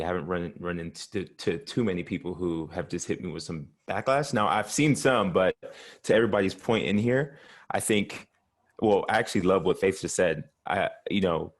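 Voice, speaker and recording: A man on a panel video call, speaking reflectively and slowing down to stress his points. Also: low voice. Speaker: panel guest. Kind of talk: casual panel chat.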